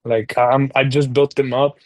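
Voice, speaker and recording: A man's mid-range voice, level in tone, slightly slow and a bit mellow, comes through a dry recording. He's a parent and podcast co-host discussing soccer video games, loosely rambling through a long story full of slang and fillers.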